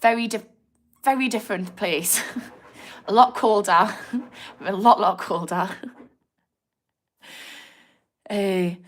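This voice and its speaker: In a relaxed livestream, a Newcastle woman with a broad Geordie accent, who works as an addiction therapist, chats straight to her viewers and reads their comments. She's encouraging and friendly, laughs easily, and swears now and again. Her voice is lowish and a bit bright.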